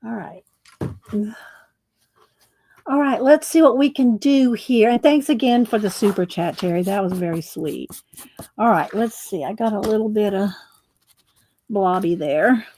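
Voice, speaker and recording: A woman's voice: mid-range voice, measured pace, long pauses, warm tone, slight background noise. A woman hosting a casual crafting livestream, chatting with viewers by name as she works. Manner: chatty, many fillers and restarts, talks to viewers by name.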